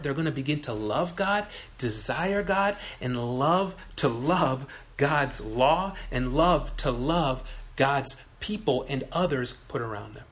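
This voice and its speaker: A man with a fairly high voice preaching a sermon. He talks in a loose, conversational way and tells everyday stories to make his point. He keeps turning to the room with quick questions. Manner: conversational, animated storytelling with audience questions. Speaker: pastor.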